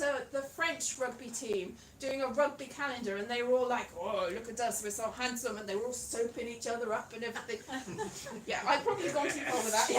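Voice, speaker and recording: A Welsh woman doing live stand-up comedy in a pub venue, animated and breaking into shouted Welsh words. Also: high voice, slight background noise. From Wales. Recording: roomy live room from a distance.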